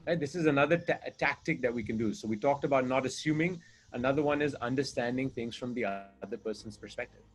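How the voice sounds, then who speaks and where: A man's voice: mid-range voice, fast talker, breathy edge. A man speaking as a communication coach in a conversation, earnest and explaining with examples and rhetorical questions.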